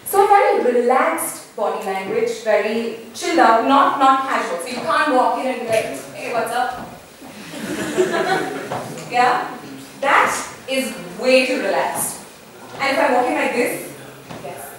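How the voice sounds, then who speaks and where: A woman giving a conference talk to an audience, lively and often acting out the examples she quotes. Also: high voice, a little slow, recorded from a distance, noisy background. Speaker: panel speaker. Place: conference hall. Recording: echoey hall, mic from afar.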